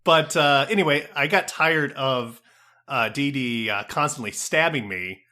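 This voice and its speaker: A man co-hosting a comedy podcast, playing along in improv with a hesitant, halting way of talking. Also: mid-range voice, bright, forceful tone. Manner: hesitant, full of filler words. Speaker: podcast co-host.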